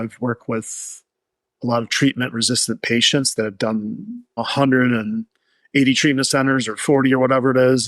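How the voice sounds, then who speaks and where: A man's voice: mid-range voice, a bit bright, no echo. A man being interviewed, telling a client's recovery story in an earnest, heartfelt, rambling way. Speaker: addiction therapist, guest.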